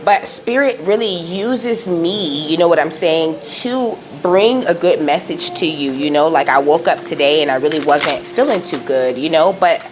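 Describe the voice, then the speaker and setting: Rambling woman with a low voice. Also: expressive, normal speed, hardly any pauses, background noise. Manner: rambling, says "you know" and "okay?" constantly, laughs often; emotional, close to tears at times. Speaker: spiritual channel host. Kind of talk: casual spiritual vlog talk.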